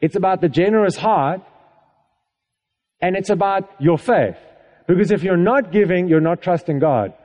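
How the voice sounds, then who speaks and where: A male preacher with a high, mellow voice delivers a sermon in a chatty, conversational way. He often checks in with the congregation and laughs as he talks. His voice carries a long reverb from a church hall. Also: lively intonation, normal speed, long pauses.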